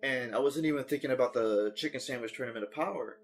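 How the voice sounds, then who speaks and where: A man hosting a podcast, chatting casually and telling an animated story with bursts of mock announcer hype. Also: medium pitch, fast talker, soft background music. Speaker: podcast host. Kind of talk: casual chat.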